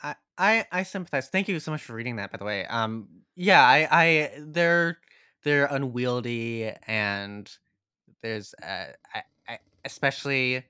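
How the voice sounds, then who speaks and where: A man guesting on a film podcast talks in eager, quick bursts, stumbling and restarting as he goes. His voice is bright and forward, recorded close and dry. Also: mid-range voice, smooth, no room sound. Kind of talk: casual podcast chat.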